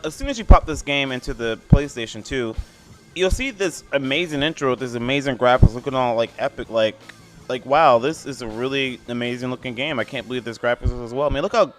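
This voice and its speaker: A man's voice: mid-range voice, lively intonation, brisk, soft background music. A man giving a casual video game review voice-over, rambling and blunt, padding his talk with "I mean" and "like". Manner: blunt and opinionated.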